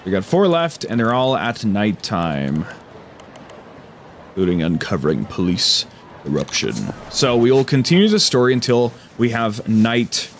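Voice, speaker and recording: A man's voice: mid-range voice, sing-song, unhurried, slight background noise. A man streaming a video game and chatting casually in a rambling, playful way.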